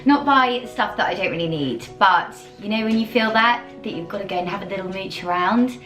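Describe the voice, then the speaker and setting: A chatty English woman talks through her day for a vlog at a medium pitch. She gushes in a casual, rambling way and stops to coo at her dog in a high baby voice. Soft music plays faintly underneath. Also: a little fast. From England. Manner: chatty and gushing, with many fillers and asides. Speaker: vlogger.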